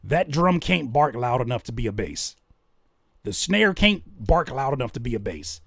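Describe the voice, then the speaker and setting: A man hosting a casual livestream, reacting to music and joking with chat in an animated way. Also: medium pitch, moderate pace, gravelly, husky, dry recording, studio quality. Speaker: livestream host giving music feedback.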